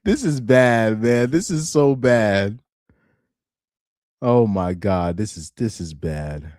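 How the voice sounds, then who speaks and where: A young man on a live stream reacts to articles in casual chat, laughing often, repeating himself and restarting sentences. His lowish, slightly mellow voice has lively intonation and a slow pace, recorded dry at studio quality.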